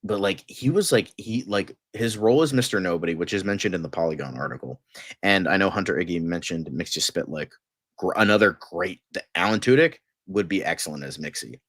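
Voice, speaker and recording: A man's voice: deep voice, expressive, brisk, fairly bright tone, dry recording, studio quality. A man in casual chat, gushing and rambling with lots of fillers, tired and delirious late at night.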